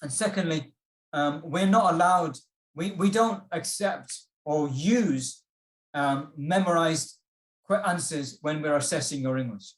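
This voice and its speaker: A man presenting an exam-prep workshop, explaining tips in a relaxed way with frequent ums and restarts. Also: on the high side, measured pace, reverberant. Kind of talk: online workshop talk.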